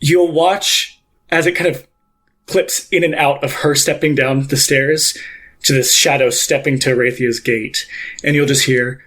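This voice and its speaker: A man's voice: mid-range voice, steady tone, measured pace, a bit bright. A man narrating a tabletop game as game master, rambling with many fillers.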